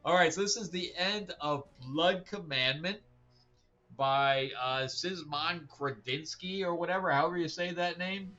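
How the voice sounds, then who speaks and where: Bright-voiced man rambling through a comics review. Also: fairly high pitch, measured pace, muffled recording, soft background music. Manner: rambling, with frequent fillers and restarts; blunt, opinionated. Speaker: host. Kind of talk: casual comic book review.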